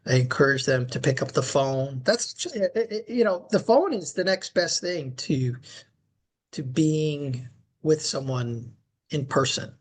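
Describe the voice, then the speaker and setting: A man co-hosting a podcast and working as a leadership coach, talking in a reflective, measured way. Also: a little high, a bit bright. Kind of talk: casual podcast conversation.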